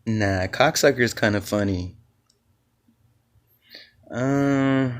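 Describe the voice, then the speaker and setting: Speaking slowly and pausing often, this man has a medium pitch with big swings in intonation. He's hosting his comedy podcast by himself, telling loose, profane, rambling stories and acting out quoted voices.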